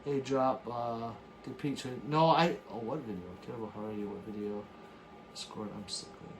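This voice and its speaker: A man's voice: medium pitch, moderate pace, slight background noise. A man hosting a casual late-night livestream, reading chat messages aloud and joking back with bursts of laughter. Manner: animated, bursts into laughs and shouts.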